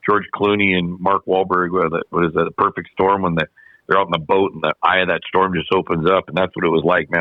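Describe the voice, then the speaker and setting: A man with a lowish voice tells a long, animated story over a podcast mic, loose and slangy, often doubling back on his own words. The sound is dull and dry, with no room around it. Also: no echo. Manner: animated, slangy, repeats himself. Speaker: podcast guest, snowmobile racer. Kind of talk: casual storytelling.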